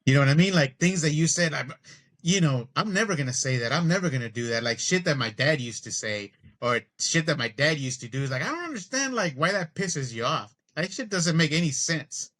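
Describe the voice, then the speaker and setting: Profane ranting man, slightly high voice. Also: brisk. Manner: animated, profane ranting storyteller. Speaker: podcast co-host. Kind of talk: casual storytelling chat.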